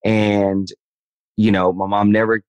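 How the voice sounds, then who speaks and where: A man's voice: on the low side, level tone, slow, a little mellow, smooth, dry recording, muffled recording. A man in his thirties, a podcast guest, talking earnestly and openly, repeating words and calling the host man and dude. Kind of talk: candid interview talk.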